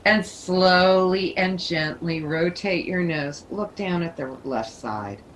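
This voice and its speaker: A woman leading a yoga class, giving calm, soothing cues. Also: on the low side, slow, a little hiss or hum, rough recording. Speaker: yoga teacher. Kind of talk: guided yoga instruction.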